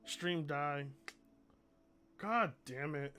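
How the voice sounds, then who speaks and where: A man talks to his live stream in a loose, rambling way, swearing as he reads out donations. His voice sits high and sounds bright and forward. Faint music plays under him. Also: extremely slow, clear, resonant tone. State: mellowed out. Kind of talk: casual livestream chat.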